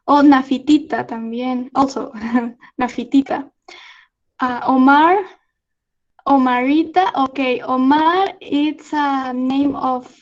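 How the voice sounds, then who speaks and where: A young Peruvian woman with a Spanish accent, teaching slang in an online lesson, halting with many fillers and frequent laughs. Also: high-pitched, lo-fi sound. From Peru. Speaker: student exchange presenter. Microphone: video call.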